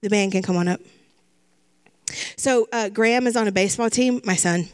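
A woman's voice: mid-range voice, normal speed, clean tone. A middle-aged woman pastor giving a sermon in an earnest way, repeating phrases for emphasis.

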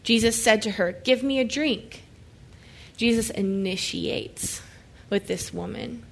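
A woman of ordinary middle pitch leads a Bible study, reading scripture aloud and unpacking it in plain conversational talk. Now and then she slips into lively everyday voices to paraphrase the people in the story. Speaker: Bible teacher.

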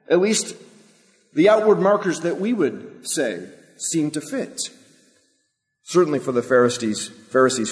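A male pastor preaching a sermon, emphatic and full of rhetorical questions. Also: fairly high pitch. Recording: long hall reverb.

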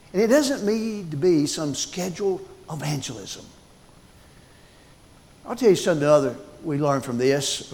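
A man preaching a sermon, emphatic and dramatic, swinging between loud and hushed. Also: a little high.

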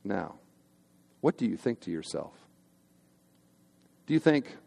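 His voice is fairly low and darkish, with vocal fry, a slow pace, long pauses, and very animated delivery. A senior pastor, he preaches conversationally and humorously to his congregation, often querying the hall, and the church sanctuary lends a long reverb.

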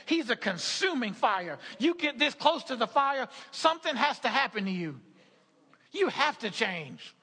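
A man's voice: very high voice, bright, forceful tone, slightly rough. A middle-aged man preaching a sermon, with frequent restarts, repetitions and laughing asides. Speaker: pastor. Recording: hall reverb.

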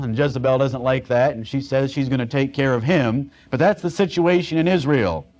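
A man's voice: fairly high pitch, a little mellow. A man preaching through a Bible passage, mixing plain scripture reading with sarcastic, conversational asides. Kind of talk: expository Bible teaching. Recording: dull lo-fi recording.

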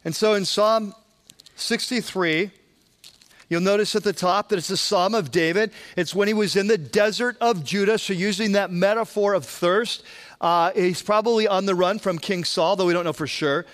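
High-voiced preacher, conversational sermon. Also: male voice, normal speed, a bit bright. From Southern California. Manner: conversational, with frequent restarts and asides to the congregation. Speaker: pastor.

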